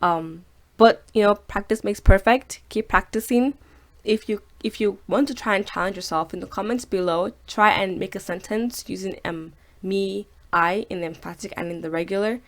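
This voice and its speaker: A woman hosting a casual video language lesson. She slows down to say each word twice so learners can copy it, then chats loosely with fillers between examples. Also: mid-range voice. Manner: slows down and repeats each word to model pronunciation; chatty, with fillers. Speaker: language teacher and host.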